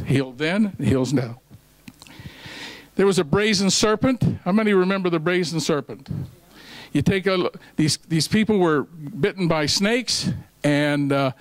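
A man's voice: a little high, no room sound, poor audio. A man preaching a sermon at a ministry meeting, telling a folksy story and quoting scripture, with restarts along the way. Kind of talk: sermon with a joke told along the way.

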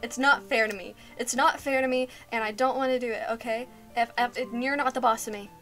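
A young woman with a high, bright voice narrates her horror game play, jittery and frightened, repeating lines with nervous laughter. She sounds shaky and lightheaded, and faint music plays underneath. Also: steady tone, a little fast. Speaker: gaming YouTuber. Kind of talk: let's play commentary.

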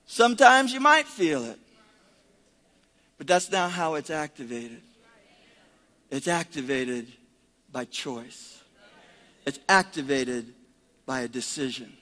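A man preaching as pastor, leading a congregation in call-and-response and swinging between shouted praise and quiet prayer. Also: sits high, animated, takes it slowly, long pauses. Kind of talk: sermon.

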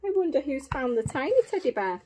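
A woman's voice: sits high, very animated, a little fast, dark tone. A woman teacher reading a picture book aloud to young children, gasping and exclaiming as she goes. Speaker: primary school teacher.

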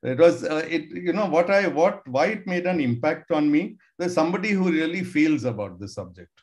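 A man's voice: fairly high pitch, animated, normal speed. A man, a professor telling stories to students in a casual, musing way with many fillers. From India. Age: 60s. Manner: conversational, musing, with hedging fillers. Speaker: professor giving a talk. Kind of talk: storytelling lecture to students.

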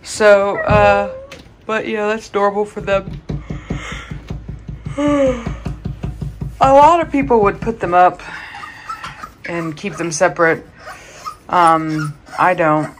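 A woman's voice: mid-range voice, drawn-out words, long pauses, noisy background. A tired woman hosting a dog channel, chatting casually in the early morning, often saying "um". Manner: chatty, with frequent "um" fillers. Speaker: dog breeder and channel host. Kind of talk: casual vlog chat.

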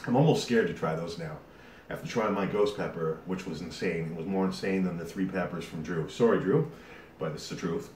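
A YouTube host with a deep, darkish voice talks a little fast to the camera on his own channel, rambling and chatty with lots of fillers as he sweats from a hot pepper. He's far from the mic, and the recording has a roomy echo and faint hiss.

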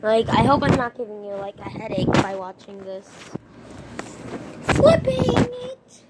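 A woman vlogging casually on her phone outdoors, playful and excitable, making silly sound effects and letting out sudden yelps. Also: mid-range voice, fairly quick. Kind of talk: casual vlog commentary. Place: outdoors in a storm. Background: thunder and rain noise.

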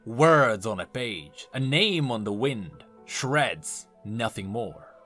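A man narrating a spirit that speaks through an actor as a gloating vulture, with slow, measured delivery. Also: mid-range voice, lively intonation, bright, forceful tone, soft background music, voice pushed down, exaggerated voice.

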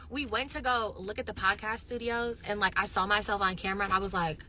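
A woman chatting casually with viewers on a phone livestream, animated and loud, swinging between excited bursts and near-whispers. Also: mid-range voice, fast, hardly any pauses, slight background noise. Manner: says she is loud. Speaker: reality TV personality going live.

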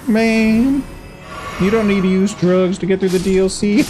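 Playful, animated male game streamer. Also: sits high, noisy background. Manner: playful, rambling, giggly, talks to game characters. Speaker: gameplay streamer. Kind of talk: casual game commentary.

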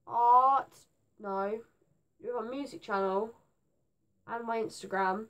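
A teenage girl, rambling to camera in her bedroom; her voice is going hoarse, and she is scatterbrained and jumpy. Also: fairly high pitch, slow, pauses often. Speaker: gaming vlogger. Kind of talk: rambling casual vlog to camera.

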